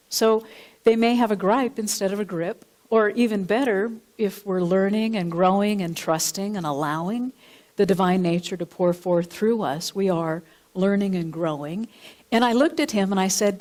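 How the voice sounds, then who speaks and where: A woman minister preaching in a church, her voice at a middle pitch. She tells a personal story and circles back over her points, repeating and rephrasing them. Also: moderate pace, a little mellow. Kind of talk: sermon with personal anecdote. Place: church sanctuary.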